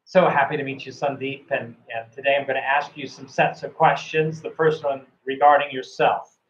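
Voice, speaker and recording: A man's voice: mid-range voice, level tone, moderate pace. A man teaching English online and running a mock speaking test, encouraging and full of fillers and restarts. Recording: roomy, dull lo-fi sound.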